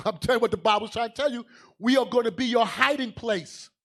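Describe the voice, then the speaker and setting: A man preaching a fiery sermon as a bishop, emphatic and calling out to the congregation, swinging from low asides to loud declarations. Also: brisk.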